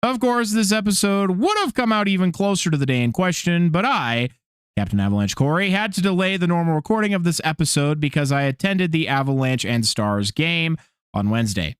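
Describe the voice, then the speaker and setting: A male podcast co-host chatting loosely and goofily, his pitch leaping up and down as he gets excited. He swears and trips over his own sentences. The sound is dry and close to the mic. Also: brisk, smooth, no echo. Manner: goofy, animated, swearing, trailing off into restarts. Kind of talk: casual podcast chat.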